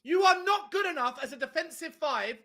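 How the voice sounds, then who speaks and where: A man's voice: extremely high pitch, animated, a little fast, sharp tone. Sweary guy losing it over a football match, voice jumps all over. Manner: furious, sweary ranting. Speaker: watchalong co-host. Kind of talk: heated live match reaction.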